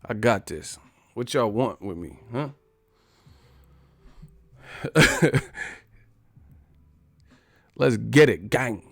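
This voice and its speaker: Casual male streamer, profane and jokey, mid pitch, dry room. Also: expressive, very slow, creaky, pauses often, no echo. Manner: profane, joking, laughs often. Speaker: boxing streamer. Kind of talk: casual live-stream chat.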